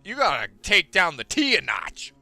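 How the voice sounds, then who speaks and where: A man's voice: high voice, wildly swooping pitch, normal speed, sharp tone, dry recording, faint music behind. A man with a goofy, self-mocking manner, rambling through casual gaming commentary into a headset mic. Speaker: let's play host.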